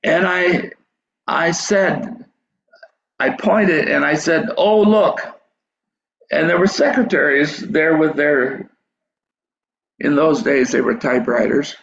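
A man's voice: on the high side, slow, long pauses, fairly bright tone, slight background noise. An older man telling a dream story in a sermon, rambling and restarting his phrases. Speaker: preacher telling a dream testimony. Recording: dull echoey hall recording.

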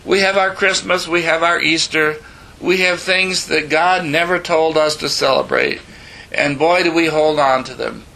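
A man's voice: fairly high pitch, gravelly, bright, forceful tone, rough recording. An older man preaching a folksy sermon, often repeating and restarting his words.

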